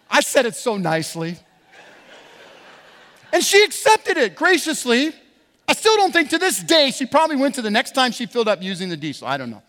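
Male pastor, animated sermon storyteller, high pitch, reverberant church sanctuary. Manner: animated storyteller, preaching with rising emphasis.

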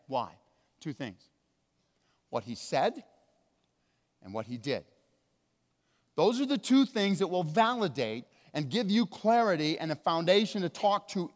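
A man preaching a sermon as pastor, emphatic, slowing down hard on key words, with big swings between loud and quiet. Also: fairly high pitch. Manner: emphatic, with slow drawn-out stresses and wide swings in loudness. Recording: long hall reverb.

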